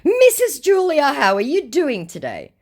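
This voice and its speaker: A woman voicing a self-pitying male online scammer who begs in broken English, pitched high and slow. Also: wildly swooping pitch, a little mellow, heavily acted. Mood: indignant. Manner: whiny, broken-English, begging.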